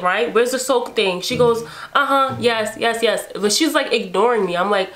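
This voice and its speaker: Young woman, casual storytime, animated and repetitive, music in the background. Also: a little high, moderate pace, few pauses. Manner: animated, repeats herself, acts out her own reactions. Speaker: beauty vlogger.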